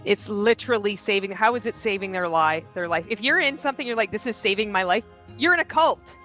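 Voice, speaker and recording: A woman's voice: mid-range voice, expressive, fast, sharp tone, faint music behind. A woman hosting a commentary show, reacting to video clips in a blunt, sarcastic, critical way. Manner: mocks others by quoting them in exaggerated voices.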